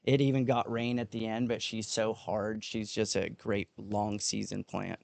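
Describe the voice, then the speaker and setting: A man interviewed as a guest on a podcast, explaining his work in a reflective, unhurried way. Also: fairly low pitch, flat delivery, vocal fry, a little mellow, no room sound. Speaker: guest cannabis grower. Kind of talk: casual interview talk.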